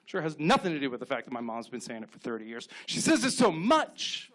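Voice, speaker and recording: A man in his thirties doing stand-up on a club stage, telling deadpan stories and acting out short quotes. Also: mid-range voice. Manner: deadpan storytelling with quick acted-out quotes. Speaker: stand-up comedian. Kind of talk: stand-up set.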